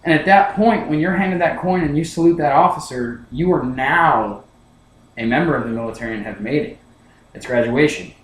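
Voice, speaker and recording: A man's voice: a little high, normal speed, echoey room, poor audio. A young man giving a class speech, telling a personal story, often repeating words as he restarts his sentences. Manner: storytelling with many restarts, acts out his past self. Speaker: student speaker.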